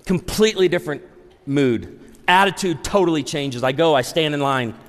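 A pastor in his forties preaching a humorous, story-driven sermon to a live audience, animated and acting out dialogue. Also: a little high, normal speed. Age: 40s. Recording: long hall reverb.

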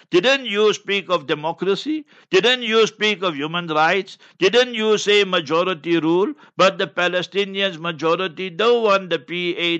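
A man's voice: fairly high pitch, pushed and bright. A South African man, an Islamic scholar, giving fiery religious commentary in a combative, scornful way with many repeated phrases. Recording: dull lo-fi recording.

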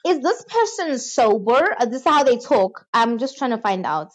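A woman's voice: a little high, very animated, moderate pace. A woman co-hosting a podcast, chatting casually and often imitating others. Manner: chatty, laughing, imitates people. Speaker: podcast co-host. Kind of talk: casual chat.

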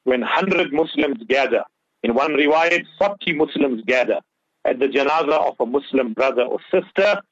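A man's voice: mid-range voice, animated, normal speed, no room sound. A man giving impassioned Islamic advice on a radio talk show, mixing English with Urdu and Arabic phrases. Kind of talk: earnest religious talk on radio. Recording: dull lo-fi radio audio.

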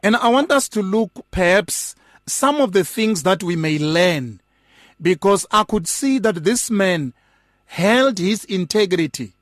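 A man hosting a Christian radio talk show. His voice sits high and he talks slowly and deliberately, often restarting words, in a dry, close sound. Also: lively intonation, a bit bright, no room sound.

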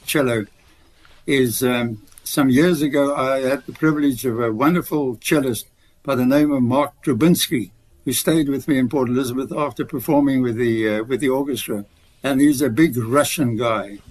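A man's voice: mid-range voice, moderate pace, breathy edge, low-quality recording. Older male guest, rambling anecdotal storyteller. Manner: rambling storyteller, many restarts. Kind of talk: radio interview.

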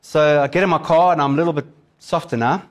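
Pastor guy, bit high voice, lively storytelling sermon, does the voices. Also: quick pace. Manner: animated, acts out voices in his stories.

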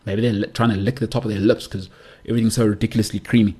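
A South African man rants on his own podcast, pushing strong, emphatic opinions and repeating his punchlines. His voice is lowish and dark with a breathy edge, level in tone, and very fast.

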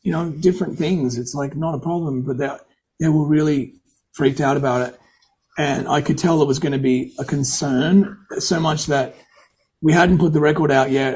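Chatting informally in an interview, a middle-aged American singer-songwriter tells rambling stories, correcting himself and dramatizing quoted lines. His mid-range voice is a little mellow with a breathy edge, and the audio is poor.

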